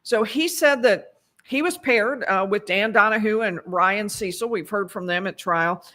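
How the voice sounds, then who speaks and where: A woman's voice: medium pitch, normal speed, a bit bright. A woman giving a casual, conversational recap of a court trial, correcting herself as she goes and dropping dry asides. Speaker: legal commentator.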